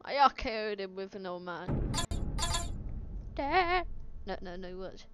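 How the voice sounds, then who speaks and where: A woman giving excitable let's play commentary, exclaiming and chattering at the game as she plays. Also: mid-range voice, slow pace, lo-fi sound, over music. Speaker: gaming video host. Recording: game sounds and noise behind. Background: video game sound effects.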